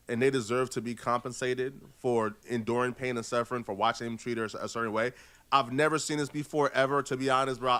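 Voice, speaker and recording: Male commentary narrator, bright and forceful tone, casual delivery. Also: mid-range voice. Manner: conversational, reads out claims with commentary. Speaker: video narrator. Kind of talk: casual commentary on a court case.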